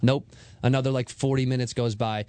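A man in his thirties from Chicago, a comedian guest on a talk show, telling a story fast and excitably and acting out the quotes. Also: mid-range voice, smooth, no room sound.

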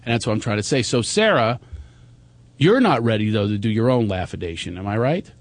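A man hosting a call-in talk show, coaching a guest and often bursting into loud laughter. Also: fairly low pitch, lively intonation, fairly quick, no room sound. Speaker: host.

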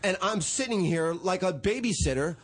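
A man, a comedian and podcast host, telling animated, crude stories in casual chat. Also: high voice, moderate pace. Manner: animated storytelling, crude humor.

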